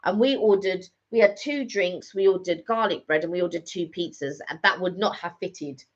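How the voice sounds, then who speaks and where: A woman's voice: lowish voice, moderate pace. A middle-aged woman co-hosting a vlog, chatting casually and rambling with lots of fillers and restarts. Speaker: vlog co-host. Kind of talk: casual chat. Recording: slightly dull lo-fi audio.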